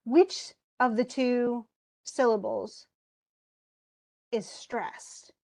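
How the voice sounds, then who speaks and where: Speaking very slowly in a slightly high, steady voice that is creaky and dark, a college English instructor teaches online over a computer microphone. Her lecture is conversational, full of restarts and frequent check-ins with the class.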